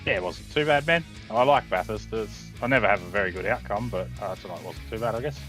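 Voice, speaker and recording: A man's voice: on the low side, fast talker, fairly bright tone, faint music behind. Man, race champion, laid-back, understated. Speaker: guest champion.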